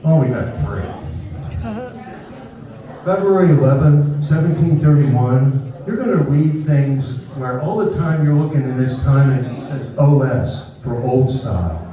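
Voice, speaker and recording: Man, folksy public speaker, dark mellow tone, caught far off in a roomy echo. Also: mid-range voice, lively intonation, measured pace. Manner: folksy, leads the crowd in call and response. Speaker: speaker at a historical birthday celebration. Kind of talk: informal public talk to an audience. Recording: distant, very echoey room.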